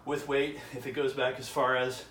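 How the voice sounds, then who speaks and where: A man's voice: mid-range voice, little pitch movement, moderate pace, a bit bright, a little hiss or hum. A man talking casually to the camera during a gym workout, musing aloud between sets. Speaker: vlogger. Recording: echoey gym, far from mic.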